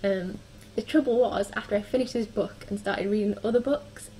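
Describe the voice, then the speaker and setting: A woman's voice: medium pitch, moderate pace, warm tone, slight background noise, rough recording. A young woman chatting casually through her book reviews, with frequent ums and likes. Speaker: book vlogger.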